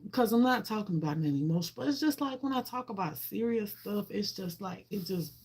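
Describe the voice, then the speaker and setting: A woman vlogger chats casually on a livestream, greeting viewers by name and speaking emotionally and from the heart, often repeating herself. Her medium-pitched voice is expressive and brisk, with a darkish, slightly rough tone.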